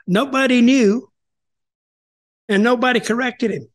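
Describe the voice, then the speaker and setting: At a moderate pace and in a high-sitting voice, an older host chats informally about wrestling. His storytelling wanders, with repeated words and restarted thoughts, and he quotes people as though replaying conversations.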